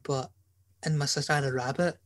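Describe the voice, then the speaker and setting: Male podcast host, mid pitch, dry close mic, joking and rambling. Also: steady tone, a little fast, dry recording. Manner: joking, rambling storyteller, swears freely. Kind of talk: casual chat.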